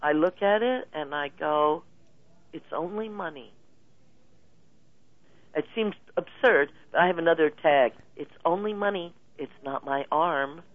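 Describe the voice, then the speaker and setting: A woman guest telling stories in a casual interview, lively and laughing often. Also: deep voice, moderate pace, hardly any pauses, no echo. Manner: animated storyteller, laughs often. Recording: tinny phone line, dry.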